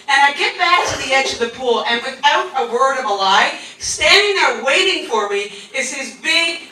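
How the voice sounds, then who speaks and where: A woman's voice: sits high, bright, forceful tone, far from the mic. A Canadian woman doing a stand-up comedy set, telling chatty, self-mocking stories with crude punchlines. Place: comedy club stage with audience. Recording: very echoey club heard from afar. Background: audience laughter and room noise.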